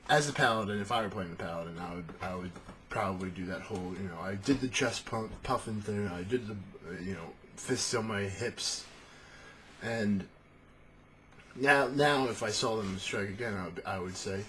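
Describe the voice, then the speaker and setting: Man, low voice, casual, rambling, swearing, animated. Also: normal speed, a little hiss or hum. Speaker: tabletop game talker. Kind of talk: casual monologue.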